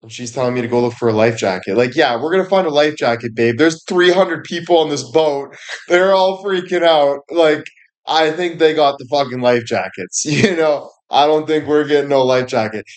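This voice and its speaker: On a livestream, a man with a fairly high voice and normal speed delivers a crude, rambling comedy monologue. He swears nonstop, laughs at his own jokes, and leans on fillers like "you know."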